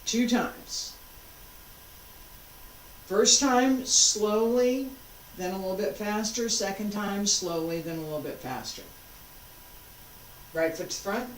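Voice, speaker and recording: A woman's voice: medium pitch, takes it slowly, pauses often, a little hiss or hum. A woman martial arts instructor talking a class through moves, patiently cueing each step as she demonstrates. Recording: roomy sound, mic far off.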